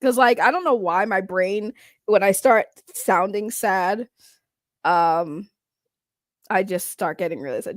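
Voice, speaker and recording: Answering her chat on a livestream, a woman talks in a brash, casual way, swearing freely and laughing quickly. Her mid-range voice comes through clean, like studio sound with no echo.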